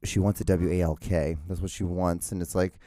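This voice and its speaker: This podcast host, from outside the US, rants casually on his own show from home, full of stumbling restarts and profanity. He speaks fairly quickly in a low, warm, level voice, recorded at studio quality on a podcast mic with no room sound.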